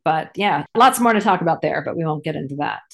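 A woman co-hosting a casual recap podcast, rambling along with plenty of fillers. Her voice sits a little lower than most women's. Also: expressive, quick pace, vocal fry. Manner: rambling, chatty, lots of fillers. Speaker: podcast co-host. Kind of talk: casual episode recap chat.

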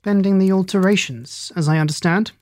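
An audiobook reader voicing a calm, precise Victorian detective who speaks in a formal, measured way. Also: medium pitch, no echo, close to an everyday voice. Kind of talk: audiobook reading.

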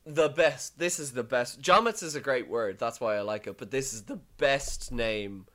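A podcast co-host in casual, joking chat, swearing freely and drawing out deadpan punchlines. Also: medium pitch, moderate pace.

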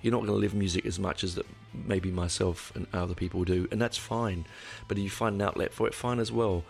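A man's voice: sits low, steady tone, a little fast, gravelly, faint music behind. A middle-aged man hosting a casual solo podcast, rambling and candid, correcting himself often, with dry asides. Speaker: podcast host.

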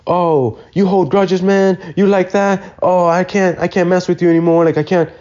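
A young man imitating a hot-headed, rude male line cook who taunts loudly and repeats himself. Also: mid-range voice, flat delivery, moderate pace, dull audio, natural voice. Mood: taunting.

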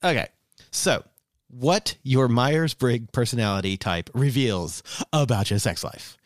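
A man's voice: mid-range voice, unhurried, no echo. A man hosting a podcast in casual chat, joking playfully while reading sponsor ads. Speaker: podcast host.

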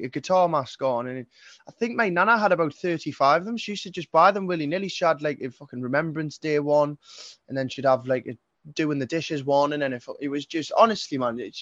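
A man's voice: a little high, brisk, fairly bright tone, dry recording, muffled recording. A man in his twenties with a Geordie accent, a singer-songwriter chatting as a guest in a rambling, sweary way. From North East England. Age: 20s. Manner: sweary, rambling, frequent restarts. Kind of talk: casual interview chat.

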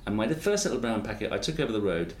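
Host: man, lowish voice, chatty and digressive, echoey room with light hiss. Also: sing-song, fast, a little mellow. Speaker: interviewer, podcast host. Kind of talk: conversational interview. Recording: roomy echo with faint noise.

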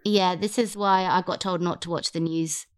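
Woman telling a story on a podcast, super animated, swearing casually. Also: on the low side, normal speed. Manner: animated, expressive, swears freely.

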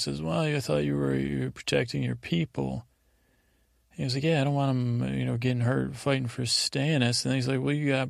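A man's voice: mid-range voice, vocal fry, dry recording, studio quality. A man hosting a sleep podcast, casually retelling TV scenes in a meandering, drowsy way. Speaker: podcast host. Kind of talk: rambling sleep podcast recap.

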